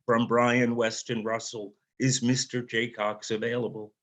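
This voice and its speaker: Telephone operator, flat and routine, all business; a man voices her. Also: medium pitch, unhurried, close to an everyday voice. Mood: detached. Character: detached, droning female telephone operator.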